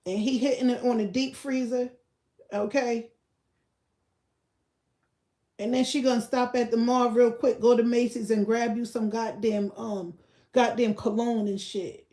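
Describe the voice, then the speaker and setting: A woman's voice: fairly high pitch, fairly even intonation, a little slow, pauses often, warm tone, roomy sound. A woman hosting a casual livestream rant in a blunt, profane way, talking straight to her chat viewers. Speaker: livestream host.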